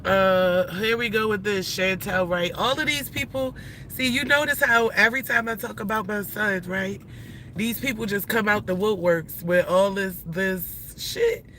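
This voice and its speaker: A woman's voice: medium pitch, a little slow, a bit bright, slight background noise. A woman in her forties livestreaming to her viewers, talking bluntly and emphatically in slangy, rambling speech with lots of restarts. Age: 40s. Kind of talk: casual livestream talk to viewers. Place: in or near a vehicle in traffic.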